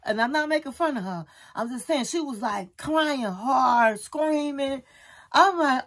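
Woman vlogger just chatting to camera, kinda high voice, animated storyteller, jumps up in pitch a lot. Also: normal speed. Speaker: YouTube channel host. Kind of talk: casual chat to camera.

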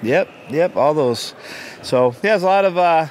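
A man's voice: a little high, animated, normal speed, a little mellow, slight background noise. A man, a ring announcer answering interview questions in a wry, self-deprecating way. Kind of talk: casual interview.

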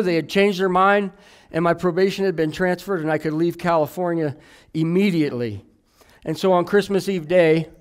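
A man in his thirties preaching a sermon, telling his own testimony in a candid, self-deprecating way with the odd joke. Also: fairly high pitch.

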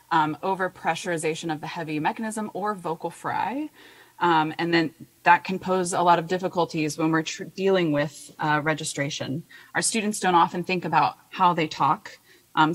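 A woman voice teacher giving a conference presentation, chatty with many fillers. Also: fairly low pitch.

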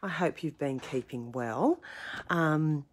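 Croaky low-voiced woman, chatty craft host. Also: expressive, slow. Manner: chatty, rambling, self-deprecating. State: croaky, getting over a cold. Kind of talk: casual craft tutorial.

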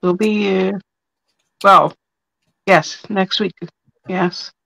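A woman's voice: mid-range voice, fairly even intonation, very slow, creaky, fairly bright tone, a little hiss or hum, rough recording. A woman hosting a casual crafting livestream, talking half to herself as she works. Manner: muttering to herself while working. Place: home craft room.

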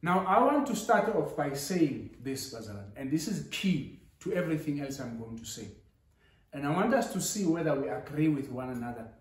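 A man's voice: a little high, very animated, normal speed. A man preaching a sermon with rising emphasis, switching into Zulu now and then. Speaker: pastor. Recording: echoey church hall.

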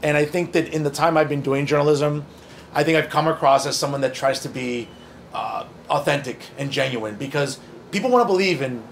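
A man's voice: fairly high pitch, fairly quick, vocal fry, a little hiss or hum. A man from northern New Jersey, an opinion journalist answering audience questions in a conversational, earnest way with joking asides. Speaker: opinion journalist and guest speaker. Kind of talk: audience Q&A talk.

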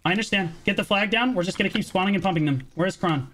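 A man's voice: high voice, fast talker, crowd noise. A man calling the shots in a team game over voice chat, urgent and commanding, repeating every order and swearing. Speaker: guild shotcaller.

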